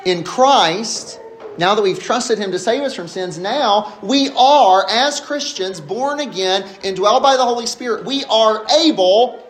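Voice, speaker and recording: In an animated expository sermon, a man with a high voice preaches emphatically. He deliberately slows when he wants key phrases to land.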